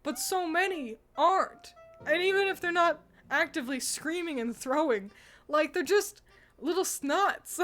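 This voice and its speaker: A woman's voice: very high voice, expressive, unhurried, fairly bright tone, soft background music. A woman streamer chatting casually, ranting bluntly with profanity and frequent laughter. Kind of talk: casual livestream chat.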